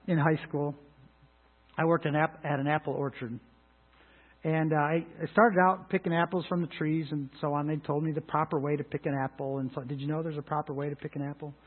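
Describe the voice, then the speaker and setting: A middle-aged man preaching a sermon in an earnest way, rising to emphatic lines and dropping to quiet asides. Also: fairly high pitch, slightly rough, phone-quality sound. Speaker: pastor.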